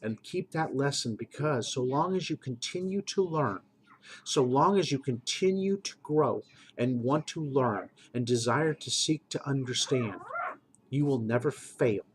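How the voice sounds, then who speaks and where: A man's voice: medium pitch, expressive, a little slow, husky, poor audio. A middle-aged man and game master, talking earnestly in a preachy monologue and repeating phrases for emphasis.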